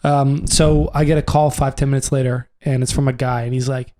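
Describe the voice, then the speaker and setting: A young man, co-hosting a podcast, who tells an animated, profane story and acts out the voices in it. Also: medium pitch, fairly quick. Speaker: podcast co-host. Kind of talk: casual storytelling chat.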